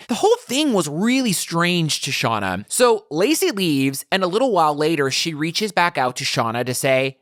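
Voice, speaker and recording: A woman's voice: lowish voice, very animated, moderate pace, few pauses, fairly bright tone, dry recording, studio quality. A woman co-hosting a true crime podcast, telling the story with a sassy, joking manner. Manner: sassy, jokey storyteller who sings and does voices. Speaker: podcast co-host.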